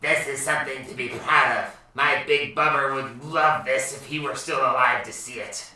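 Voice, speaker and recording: A man's voice: mid-range voice, fairly even intonation, normal speed, sharp tone. Majestic antlered woman, as a man voices her. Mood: consoling. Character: majestic antlered woman, really a devil's puppet. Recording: echoey room, distant mic, faint noise.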